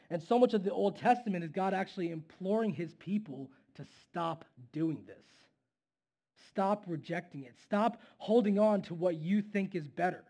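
A man's voice: on the high side, darkish tone. A man preaching a casual, conversational sermon, throwing in asides and questions to the listeners.

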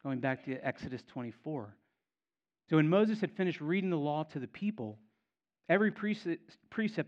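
A man's voice: fairly high pitch, animated, moderate pace, lo-fi sound. A man preaching a sermon as pastor, emphatic and repeating key phrases for effect.

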